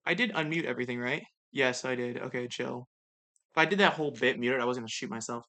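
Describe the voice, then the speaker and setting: A woman's voice: a bass voice, quick pace, fairly bright tone. A young woman streaming a game, chatty and self-mocking, swearing casually between lines.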